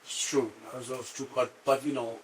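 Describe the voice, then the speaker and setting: A middle-aged man from Chicago, a guest in an interview, telling his story in an animated way and acting out the people in it. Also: mid-range voice, fairly quick, slight background noise. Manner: animated, acts out cops and himself in quotes.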